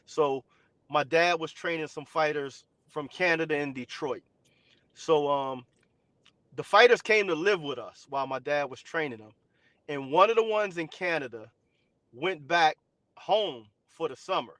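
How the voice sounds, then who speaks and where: Middle-aged jersey guy, boxing trainer on a podcast, bright forceful voice, dry close sound. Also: fairly high pitch, animated, a little slow, no room sound. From New Jersey, USA. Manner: reflective, storytelling. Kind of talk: podcast interview.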